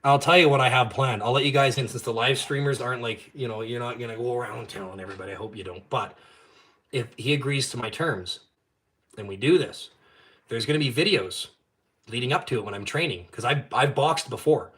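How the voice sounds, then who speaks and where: A man hosting a live stream, talking bluntly and with heavy swearing, jumping from loud outbursts to low muttered asides. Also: fairly quick. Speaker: YouTube channel host. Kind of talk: profane live-stream rant.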